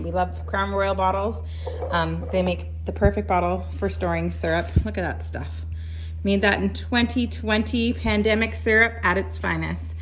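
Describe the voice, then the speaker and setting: A woman's voice: mid-range voice, a little hiss or hum. A woman chatting casually through a homemade recipe demonstration in her farm kitchen, with joking asides and lots of ums. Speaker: home cooking vlogger. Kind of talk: casual home cooking demo.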